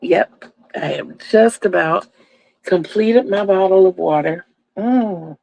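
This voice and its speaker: A woman chats at an unhurried pace in a mellow, gravelly voice. She hosts a casual crochet livestream and talks to her viewers in a warm, homey way. The sound is dry and close. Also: medium pitch, dry recording, poor audio. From Virginia, USA. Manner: chatty, homey, speaks to viewers as "y'all". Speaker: crochet channel host.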